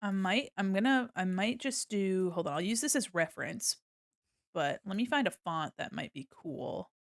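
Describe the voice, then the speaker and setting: Gravelly and expressive, a young woman's mid-range voice moves at a moderate pace as she chats on her live art stream from home. Drawing while she talks into a desk mic on an arm, she rambles playfully and wanders into hums and silly sounds; studio-quality audio with no echo.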